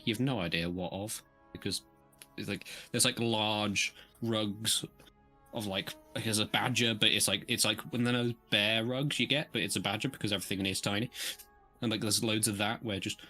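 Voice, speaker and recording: Guy at a tabletop game doing a fake scottish accent, rambly, bright lowish voice. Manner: puts on a Scottish accent, rambling and self-mocking. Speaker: player. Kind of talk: tabletop role-play in character.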